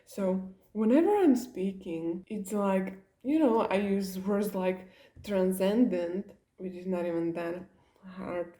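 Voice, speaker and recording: Young woman, mellow, rambling vlog chat in a roomy, echoey space. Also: mid-range voice, slow. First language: Slovak. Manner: rambling, all over the place. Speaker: vlogger. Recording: roomy echo.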